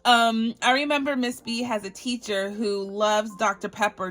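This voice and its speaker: A bubbly woman from Barbados opens mail on her budgeting vlog, her voice sitting a little high. She gushes thanks in a casual, chatty way. Soft music plays faintly behind her. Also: steady tone, normal speed. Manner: bubbly, effusive, gushing thanks. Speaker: budgeting channel host.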